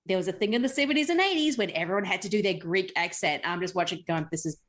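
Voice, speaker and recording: A woman's voice: medium pitch, very fast. Laughing Australian woman hosting a podcast. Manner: animated, laughing, with exasperated asides. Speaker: podcast host. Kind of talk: casual chat.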